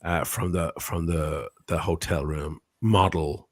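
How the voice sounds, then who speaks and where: A man's voice: low-pitched, fairly even intonation, takes it slowly. A man hosting a watch channel, telling a casual, profane anecdote on a live stream and acting out the quotes of the people in it.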